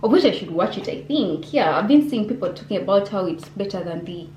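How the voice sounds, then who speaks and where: A woman's voice: mid-range voice, animated, fairly quick, a little mellow, a little hiss or hum. A young woman from Uganda, chatting casually in a vlog Q&A, rambling with lots of fillers and restarts. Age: young adult. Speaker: vlogger. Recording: echoey room with faint ambience.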